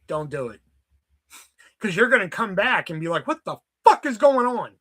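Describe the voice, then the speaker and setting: A man in his thirties hosting a casual livestream, rambling and swearing as he tells animated stories. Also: high-pitched, normal speed. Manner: rambling, profane, animated storytelling. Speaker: livestream host.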